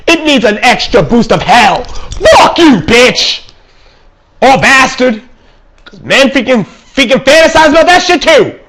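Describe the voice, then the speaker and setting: A young man delivering an angry, sarcastic, profanity-filled comedic rant, mocking and shouting at his listeners. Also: very high voice. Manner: angry, sarcastic, swearing constantly, shouts and mocks. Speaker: vlog ranter.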